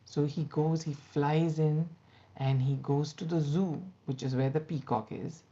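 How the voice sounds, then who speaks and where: A woman storyteller narrates a children's tale in a chatty, animated way, dropping in asides to her listeners. Her voice is low, mellow and gravelly. The recording sounds dull and lo-fi. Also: measured pace.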